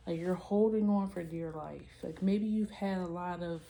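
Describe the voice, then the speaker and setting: Mellow-voiced woman giving a tarot reading. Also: lowish voice, moderate pace, creaky. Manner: chatty, loose and musing, addresses viewers directly. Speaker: tarot reader. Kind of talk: casual tarot reading to camera.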